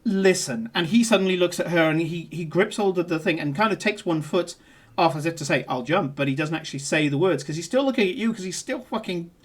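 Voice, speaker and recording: A man's voice: high voice, animated, fast. Brief: man running a tabletop game, casual, profane, filler-heavy narration. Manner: swears a lot, rambling with fillers. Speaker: game master.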